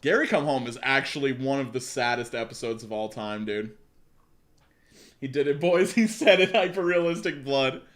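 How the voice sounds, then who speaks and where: A man's voice: medium pitch, expressive, moderate pace. A young man streaming live, reading a story aloud and breaking off to joke, laugh and talk to his chat. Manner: laughing, mocking, swearing, talks to chat. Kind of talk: casual reading with joking asides.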